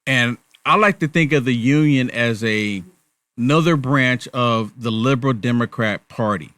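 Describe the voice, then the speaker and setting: A man's voice: medium pitch, moderate pace, a bit bright, dry recording. Sarcastic male host asking rhetorical questions. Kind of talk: political commentary.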